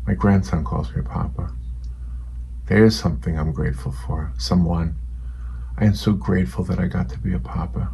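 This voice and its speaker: A man's voice: low voice, normal speed, vocal fry, dark tone, a little hiss or hum, low-quality recording. A retired man in his sixties chatting in a rambling, self-deprecating way while he paints, getting a little emotional. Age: 60s. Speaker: hobby watercolor painter. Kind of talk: casual rambling chat.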